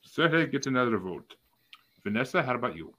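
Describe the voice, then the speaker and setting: A man's voice: mid-range voice, big pitch swings, fairly quick, bright, forceful tone, rough recording. A man hosting a casual group podcast, reading out facts and asking each co-host for a vote. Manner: reads out facts, then polls each co-host.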